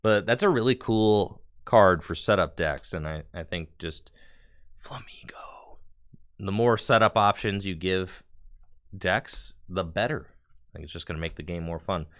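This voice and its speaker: A casual streamer man talks his way through opening card packs, loose and slangy, with bursts of enthusiasm. His voice sits slightly low but rings bright and crisp. He chats easily with his viewers throughout. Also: moderate pace. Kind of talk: casual live-stream chat.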